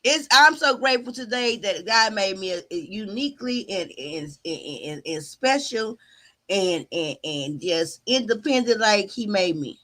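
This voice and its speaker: Sassy, bright-voiced woman commentator. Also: mid-range voice, animated, a little slow. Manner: sassy, drawling, repeats words and trails off. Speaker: YouTube commentary host. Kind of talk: casual live-stream commentary.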